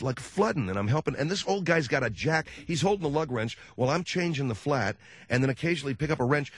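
A middle-aged man telling a comic story on his show, animated, with sardonic dark humor. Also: medium pitch, no room sound.

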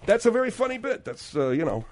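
A man's voice: high voice, very animated, fast talker, a little mellow, a little hiss or hum. A man hosting a talk show, ranting in a blunt, profane, combative way.

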